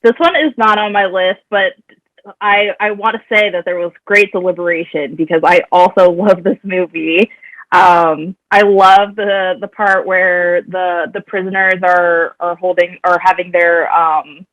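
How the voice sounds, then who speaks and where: A man's voice: sits high, steady tone, a little slow, fairly bright tone, no echo, lo-fi sound. A man who is a guest on a film podcast, chatting casually in a hesitant way and laughing often.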